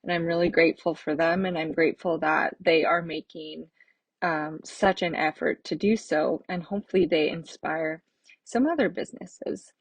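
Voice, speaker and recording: A woman's voice: sits low, fairly even intonation, moderate pace, slightly rough, dry recording, rough recording. A middle-aged woman hosting a podcast, talking in an earnest, reflective way that rambles with fillers and restarts. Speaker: podcast host and artist. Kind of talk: casual heartfelt monologue.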